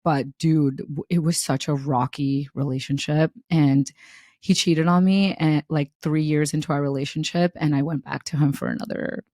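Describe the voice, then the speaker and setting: A young woman co-hosting a chatty podcast, recounting her own dating past with a lot of feeling. Her voice sits fairly low for a woman and sounds dry and close, with no room around it. She talks candidly, laughs through the hard parts and doesn't soften her language. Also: moderate pace, no echo. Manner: animated, candid, laughs through the story, swears freely. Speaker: podcast co-host. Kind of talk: casual podcast chat, storytelling.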